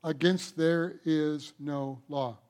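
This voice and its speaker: A male pastor delivers a sermon in a high voice, taking it slowly and deliberately. He preaches emphatically, pausing to throw rhetorical questions at his listeners. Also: fairly even intonation, a little mellow.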